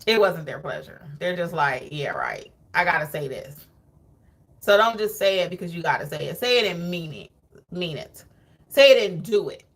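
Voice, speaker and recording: A woman hosting a live stream, reading viewer comments aloud and coaching notaries in an animated, preachy way with frequent laughs. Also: lowish voice, normal speed. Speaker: host of a notary training channel.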